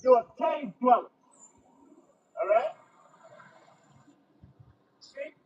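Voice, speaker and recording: Very high-voiced man preaching emphatically. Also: expressive, drawn-out words. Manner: emphatic, bursts into shouting, tags lines with "right?" and "okay?". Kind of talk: sermon with scripture reading. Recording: distant dull lo-fi mic with faint background noise.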